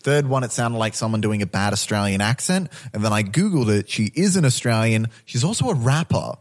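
A man's voice: fairly low pitch, lively intonation, brisk. A married man co-hosting a casual film podcast, talking enthusiastically and rambling a little. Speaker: podcast co-host.

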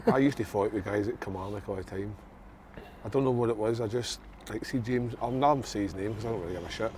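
Frank, fast Scottish ex-footballer. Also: male voice, on the low side, a little mellow, slight background noise. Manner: frank, swearing, laughing asides. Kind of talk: casual chat.

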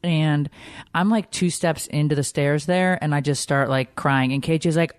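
A woman's voice: low voice, steady tone, fairly quick, no echo, studio quality. A woman in her forties hosting a podcast, chatting casually and telling family stories in an emotional, gushing way. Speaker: podcast host. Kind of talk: casual chat.

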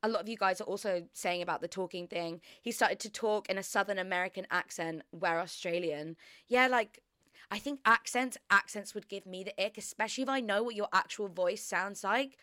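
A young woman hosts a solo podcast chat in a frank, chatty way, laughing and swearing freely. Her voice sits at an everyday middle pitch. It is recorded close and dry, with no room sound. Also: a little fast, bright, forceful tone, clean tone, dry recording. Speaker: podcast host.

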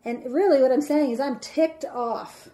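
A woman's voice: high-pitched, unhurried, dark tone. A woman giving an instructional talk, explaining step by step and acting out her examples with dramatic flair.

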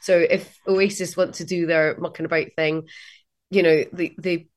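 A woman's voice: on the low side, level tone, normal speed. A middle-aged Scottish woman guesting on a podcast, chatting casually, laughing often and acting out quotes. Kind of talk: casual chat.

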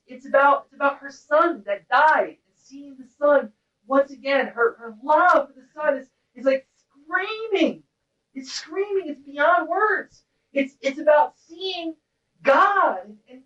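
A woman with a high voice gives an intense, blunt lecture to a class, at times letting out wordless cries. She sounds far from the mic, and the room rings with echo. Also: fairly bright tone. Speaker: teacher. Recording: roomy, distant, dull-sounding recording.

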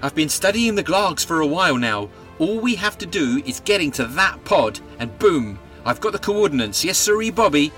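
Brief: a man playing an upbeat, scatty woman friend in a comic sketch, pitched well up. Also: big pitch swings, moderate pace, few pauses, fairly bright tone, faint music behind. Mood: chirpy. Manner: upbeat, chatty, a bit scatty. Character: brisk, chirpy female rescuer friend.

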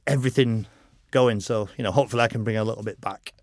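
Here the racer guest, a middle-aged man, has a lowish, darkish voice, fairly even intonation, and talks fast. On this casual podcast interview he's a frank storyteller who rambles, leans on "you know," and swears often. The audio is dry and close-miked.

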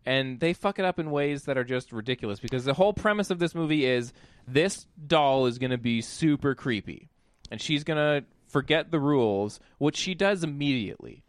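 A man in casual chat who recaps a movie in an animated, profane storytelling way. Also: medium pitch, moderate pace, no echo.

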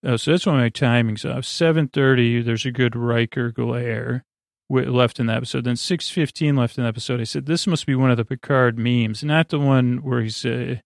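Rambling man with a gravelly voice. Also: mid-range voice, no room sound, studio quality. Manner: meandering, halting delivery with many "uh" fillers. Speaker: podcast host. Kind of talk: rambling episode recap for sleep.

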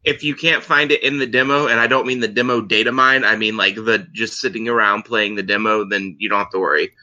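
A man's voice: lowish voice, steady tone, brisk, bright, forceful tone. A man co-hosting a casual podcast, rambling on with lots of fillers. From Central Florida. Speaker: podcast co-host. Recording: slightly dull lo-fi mic.

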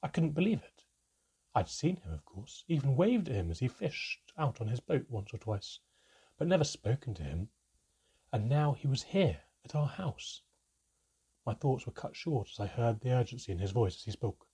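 A man reads a storybook chapter aloud in a low, husky voice. His delivery swings widely in pitch, and his tone is dark and mellow. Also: normal speed. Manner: expressive, shifts pitch for dialogue. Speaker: narrator. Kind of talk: storybook narration.

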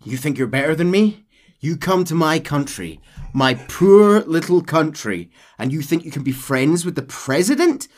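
A sly, smooth-talking army captain, read aloud by a man in his own voice with no accent put on. The delivery sits a little above his usual pitch and rises and falls with lively, animated swings. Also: moderate pace, close to an everyday voice.

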